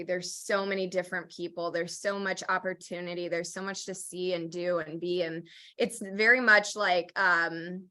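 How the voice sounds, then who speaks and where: A woman's voice: mid-range voice, pushed and bright. A young woman from Oregon hosting a podcast, chatting casually and joking about herself, with lots of "like" and "um". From Oregon, US Pacific Northwest. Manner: chatty, self-deprecating, lots of "like" and "um". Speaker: podcast host. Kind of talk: casual chat.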